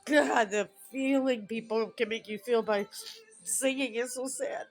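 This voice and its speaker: A woman's voice: fairly high pitch, steady tone, measured pace, faint music behind, rough recording. A woman in her fifties talking alone at home in a rambling, emotional personal vlog. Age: 50s. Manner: emotional, rambling, tearful at times. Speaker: vlogger.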